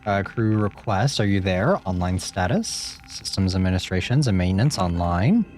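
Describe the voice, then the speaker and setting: Streamer, man, lowish voice, lively swings, faint hiss behind. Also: normal speed. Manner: animated, wry, reads prompts aloud. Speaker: streamer playing a game. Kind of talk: casual let's-play commentary.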